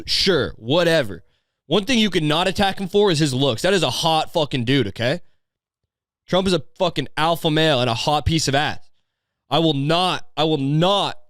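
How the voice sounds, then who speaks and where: A man's voice: fairly high pitch, fairly bright tone, dry recording, studio quality. A man hosting a comedy podcast, ranting in a crude, sarcastic, rambling way. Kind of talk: crude casual rant.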